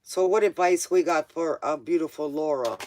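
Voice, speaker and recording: A man's voice: on the high side, moderate pace, a little mellow. A man doing a live-stream tarot reading, casual and joking, talking straight to the viewer in loose, slangy speech. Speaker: tarot reader.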